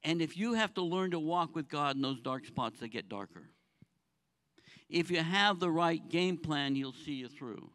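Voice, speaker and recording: A male pastor with a notably high voice delivers a sermon. He pleads and presses, dropping into quiet low phrases and then climbing back up with rhetorical questions to his listeners. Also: expressive, normal speed. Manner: earnest, with rhetorical questions to the congregation; swings between soft low phrases and raised, pressing ones.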